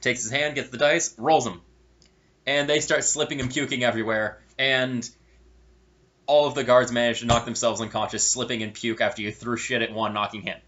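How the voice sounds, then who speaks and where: A man casually telling a funny story from his game nights, with wry asides and animated delivery. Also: medium pitch, normal speed. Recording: dull lo-fi recording.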